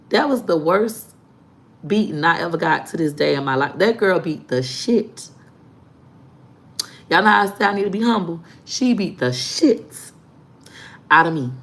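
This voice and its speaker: A woman in casual vlog storytelling, animated and joking. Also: on the low side. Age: adult. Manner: animated storyteller, acting out quotes. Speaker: vlogger.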